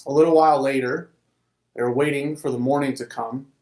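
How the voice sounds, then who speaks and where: A man's voice: medium pitch, fairly even intonation, fast, a little mellow. A man telling a Bible story in a casual, conversational way, with occasional restarts. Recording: roomy echo.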